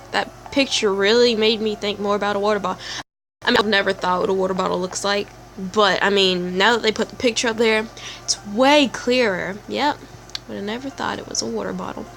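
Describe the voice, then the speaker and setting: A woman's voice: medium pitch, fairly even intonation, fairly quick, gravelly, fairly bright tone, soft background music. A woman playing a story game, reading its text aloud and chatting with giggly side comments. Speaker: let's play gamer.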